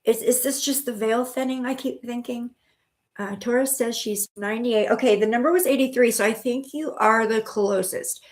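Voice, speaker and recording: A woman's voice: fairly high pitch, normal speed. A middle-aged woman hosting a live stream of spiritual readings, chatting casually and reassuring viewers with pet names like honey and sweetheart. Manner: chatty with frequent restarts and fillers.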